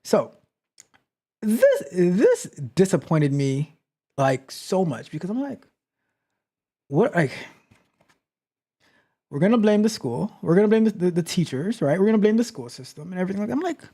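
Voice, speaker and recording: A man hosting a live tech Q&A stream, telling stories in a casual, animated way and often repeating his phrases. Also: high-pitched, moderate pace, long pauses. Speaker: host. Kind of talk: casual livestream talk.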